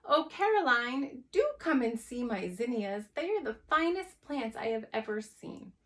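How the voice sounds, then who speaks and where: A woman reading a chapter book plays a fussy, doting mother who coos over her son. The voice is sweet and lifted a little higher than plain reading. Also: big pitch swings, measured pace. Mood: cooing. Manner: sweet, cooing.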